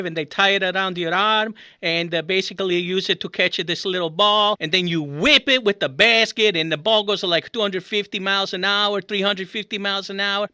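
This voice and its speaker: A performer voicing an excitable middle-aged Italian immigrant man who tells rambling comic stories in broken English with an exaggerated Italian-American accent. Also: medium pitch, no echo, studio quality, lightly acted. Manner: rambling, animated, broken grammar. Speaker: podcast host. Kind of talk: comic character monologue.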